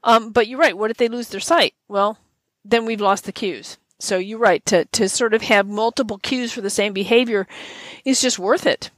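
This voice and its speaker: A woman in casual conversation, talking in a relaxed, thoughtful way and often restarting her sentences. Her voice sounds dry and close to the mic, with little room sound around it. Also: mid-range voice, normal speed, dry recording.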